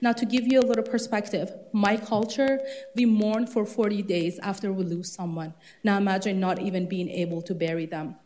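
A woman's voice: mid-range voice, steady tone, moderate pace, dark tone, a little hiss or hum. A woman in her thirties from Iran, earnest and slightly out of breath, giving a public comment at a city council meeting. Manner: earnest, impassioned.

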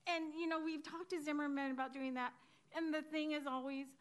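A high-voiced woman speaks at a council meeting podium, close to crying. She pleads in a rambling, emotional way and keeps losing her composure. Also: fairly even intonation, a little fast. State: near tears. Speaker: public commenter at a city council meeting. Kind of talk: emotional public comment. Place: council chamber.

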